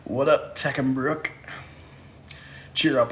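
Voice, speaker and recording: A man's voice: medium pitch, normal speed. A man hosting a casual livestream who answers viewer comments in a sassy, teasing way and laughs often. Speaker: livestream host.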